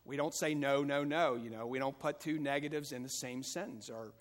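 A man preaching a sermon as pastor, moving between calm teaching and loud, fervent passages. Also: medium pitch, fairly quick. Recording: long hall reverb.

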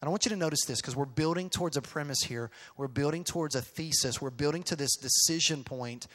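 A middle-aged male pastor telling a story in a sermon, swinging from quiet asides to loud, emphatic outbursts. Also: on the high side, quick pace. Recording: long reverb of a large hall.

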